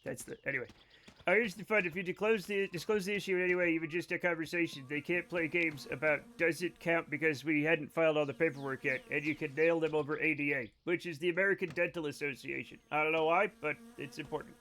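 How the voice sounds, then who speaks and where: A man's voice: on the high side, steady tone, fast, sharp tone, a little hiss or hum. A tipsy man streaming a game and chatting casually with his viewers, blunt and profane.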